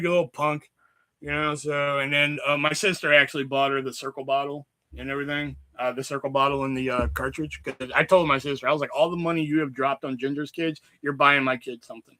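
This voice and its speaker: A man with a fever chatting casually on a livestream, telling a rambling story full of swearing and loudly acted quotes. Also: on the high side, brisk. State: sick with a fever. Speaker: streamer.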